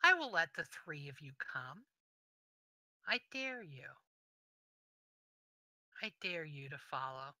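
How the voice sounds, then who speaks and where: A woman's voice: deep voice, very animated, takes it slowly, pauses often, sharp tone, dry recording, full character voice. A woman voicing a menacing demonic spirit in a tabletop game, speaking in a taunting, mocking way.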